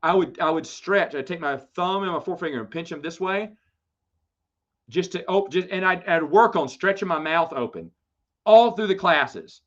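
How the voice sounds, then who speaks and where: A man hosting a live Q&A stream, chatting casually and telling lively, playful stories to viewers. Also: high voice, moderate pace. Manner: animated storytelling, lively and playful. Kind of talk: casual livestream chat. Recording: dull lo-fi stream audio.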